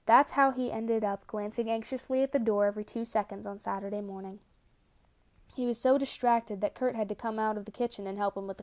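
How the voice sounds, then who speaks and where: A woman reading a romance story aloud with steady, calm narration. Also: on the high side, brisk. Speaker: reader. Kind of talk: reading fan fiction aloud.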